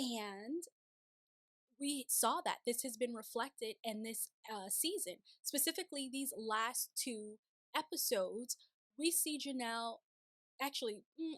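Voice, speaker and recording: A woman hosting a casual recap of a TV show, chatty and animated, slipping into playful voices when she paraphrases. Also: on the high side, no echo. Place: city home, sirens outside.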